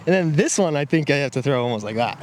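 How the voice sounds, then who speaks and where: Exclaiming at every throw, a male disc golf reviewer chats casually as he plays an outdoor course. His voice is a little high with lively intonation, and he talks fast. Faint noise is audible in this outdoor field recording.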